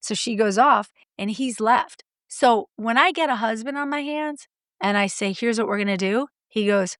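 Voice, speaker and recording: A middle-aged woman coach telling stories in an interview, blunt and lively, acting out her clients' lines. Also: fairly high pitch, normal speed, no room sound, studio quality. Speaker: guest, marriage coach. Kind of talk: animated storytelling interview.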